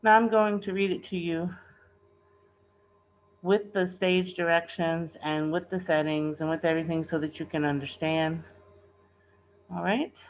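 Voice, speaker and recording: A woman's voice: fairly low pitch, steady tone, unhurried, pauses often, dull audio, slight background noise. A woman teacher patiently reading a play aloud to her students and explaining it.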